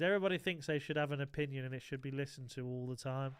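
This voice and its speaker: A man's voice: mid-range voice, quick pace, clear, resonant tone, dry recording, clean studio sound. A man live-streaming a football video game, chatting casually and joking with his viewers. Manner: banters with chat, jokey, self-described moaner.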